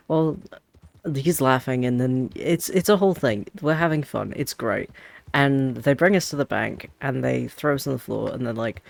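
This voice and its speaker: A man's voice: medium pitch, gravelly, no room sound. A man streaming a game, telling a rambling story in casual chat with lots of restarts.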